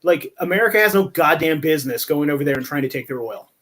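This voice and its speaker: A man with a slightly raised, higher voice rants on a casual podcast. He swears constantly, talks bluntly, and keeps it animated, laughing and slipping into voices when he quotes people. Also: quick pace. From Latino heritage in the US. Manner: acts out quoted relatives in put-on voices. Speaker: podcast host. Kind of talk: casual chat.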